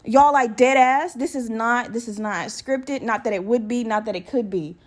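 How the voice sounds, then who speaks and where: A woman's voice: a little high, moderate pace. A woman in her twenties hosting a casual solo podcast, talking candidly and profanely straight to her listeners. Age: 20s. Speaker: podcast host. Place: her bedroom at home.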